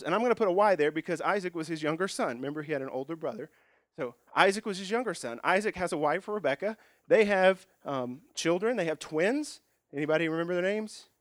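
A man's voice: on the high side, no room sound, clean studio sound. A man preaching a sermon, praying and then teaching at a whiteboard in a folksy, joking way. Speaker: pastor.

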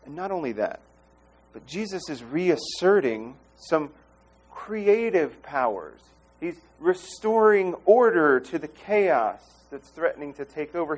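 Man, pastor, sermon, animated, expressive, fairly high voice.

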